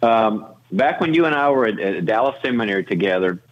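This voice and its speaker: A man's voice: brisk, muffled recording. A man talking through ideas and stories in an interview, acting out the people he quotes with jumps in his voice. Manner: animated, acts out quoted voices with pitch jumps. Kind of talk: conversational storytelling interview.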